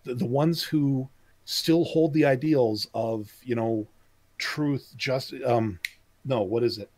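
A man's voice: mid-range voice, takes it slowly, darkish tone, no echo. A podcast co-host from Canada, a man chatting casually, emphatic and opinionated, often tripping over his words. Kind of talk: casual chat.

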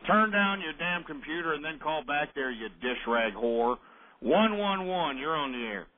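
A man's voice: a little high, animated, moderate pace, a little hiss or hum. A man hosting a call-in radio show, ranting and hurling insults at callers. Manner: abrasive, insulting, belligerent. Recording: tinny phone-like radio audio.

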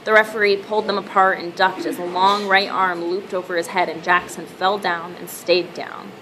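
A woman reading a novel aloud as narrator with a steady, measured delivery. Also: fairly low pitch, background noise. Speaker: audiobook narrator. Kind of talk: scripted narration.

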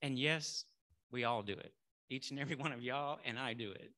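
A middle-aged male minister preaching a sermon in a conversational way, saying y'all and building to loud affirmations. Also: mid-range voice, brisk.

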